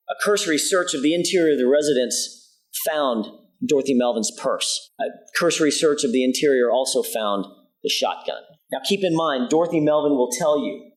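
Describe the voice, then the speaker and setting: A man delivering a prosecutor's opening statement in a courtroom, retelling events in a measured, emphatic way and quoting dialogue. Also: medium pitch, low-quality recording.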